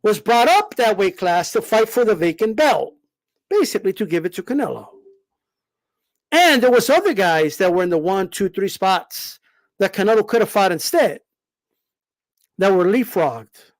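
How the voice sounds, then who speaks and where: A man's voice: sits high, very animated, normal speed, pauses often. A man, a boxing commentator, ranting heatedly, full of swearing, with emphatic repeated "all right?" checks. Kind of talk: heated rant.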